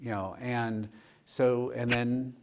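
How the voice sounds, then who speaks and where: A man, a pastor, telling a personal story in a relaxed conversational way during a discussion, often retelling dialogue. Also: mid-range voice, slow pace, noisy background. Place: church.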